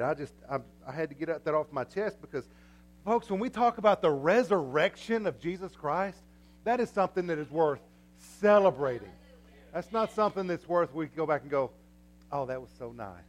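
An older man preaching a sermon in a church, folksy and energetic, breaking into cheering shouts. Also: on the high side. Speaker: pastor. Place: church sanctuary.

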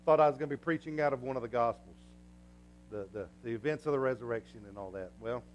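An older man preaching a sermon in a church, folksy and energetic, breaking into cheering shouts. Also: mid-range voice, quick pace, lo-fi sound, slight background noise. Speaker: pastor. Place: church sanctuary.

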